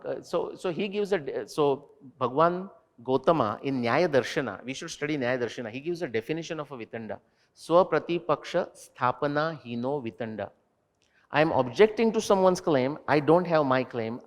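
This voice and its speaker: A man answering student questions at a university talk, animated and digressive, turning to quiz the audience directly. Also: medium pitch, moderate pace, in a large hall. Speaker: invited speaker. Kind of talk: lecture Q&A with students. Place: university lecture hall.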